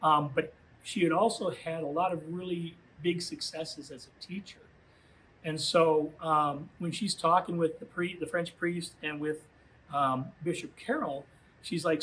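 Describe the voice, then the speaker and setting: Youth minister guy telling a story to teens, kinda high voice, lots of "you know"s, faint hiss behind. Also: steady tone, a little slow, fairly bright tone, low-quality recording. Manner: conversational, full of "you know" fillers. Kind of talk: storytelling talk to high school students.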